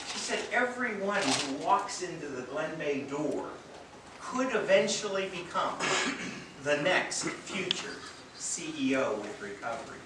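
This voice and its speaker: A man with a somewhat higher voice tells heartfelt stories to a gathering, slipping in gentle jokes about himself. He sounds far from the mic, with heavy echo and audible background noise around him. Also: sing-song, measured pace. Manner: earnest storytelling with light self-deprecating humor. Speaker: treatment center director giving a speech. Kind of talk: public speech at a charity event. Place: event venue, indoors or under a tent. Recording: very echoey, distant from mic, noisy.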